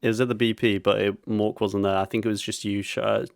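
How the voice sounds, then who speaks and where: A man's voice: lowish voice, level tone, fast, vocal fry, clean tone, no echo, studio quality. A man co-hosting a podcast, rambling in an easygoing way. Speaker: podcast co-host. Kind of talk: casual comedic chat.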